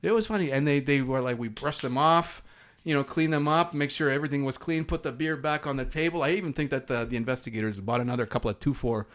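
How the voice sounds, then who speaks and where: Talking fast in a mid-range, fairly bright voice, this Canadian man, once a SWAT officer, shares a story as a guest in conversation. His anecdote is full of fillers and restarts.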